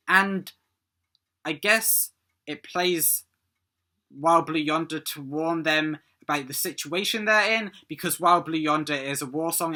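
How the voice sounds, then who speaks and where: Bright-voiced man, hesitant breakdown talk. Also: a little high. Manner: hesitant, frequent ums. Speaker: fan video host. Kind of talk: casual episode breakdown commentary.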